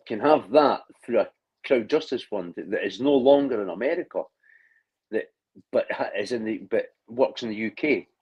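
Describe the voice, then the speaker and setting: A man's voice: mid-range voice, a little mellow, breathy edge, rough recording. A man in a casual online chat, talking in long rambling stretches with frequent restarts and blunt swearing. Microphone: video call.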